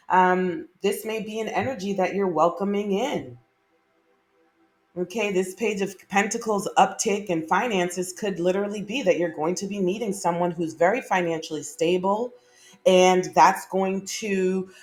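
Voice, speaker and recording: A woman's voice: mid-range voice, steady tone, measured pace, darkish tone. A woman giving a monthly tarot reading, chatty and enthusiastic, with many fillers and repeated okays. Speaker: tarot reader.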